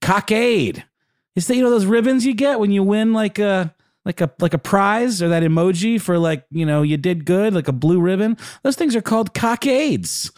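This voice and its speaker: A man's voice: high voice, lively intonation, normal speed, darkish tone, no room sound, clean studio sound. A man co-hosting a history podcast who talks in an enthusiastic, rambling way. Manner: enthusiastic, rambling, full of fillers. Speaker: podcast co-host. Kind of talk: casual history podcast chat.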